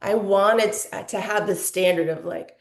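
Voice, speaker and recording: A woman's voice: medium pitch, fairly even intonation, unhurried, echoey room. A woman in her forties telling her personal story as a podcast guest, candid and emotional, with lots of "like" fillers. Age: 40s.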